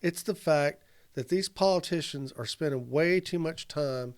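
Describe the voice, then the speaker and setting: A man talks through his views in a relaxed podcast discussion, building long examples and dropping in casual curses. His voice sits a little higher than most men's. He keeps up a steady, talkative flow. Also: unhurried. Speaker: podcast co-host.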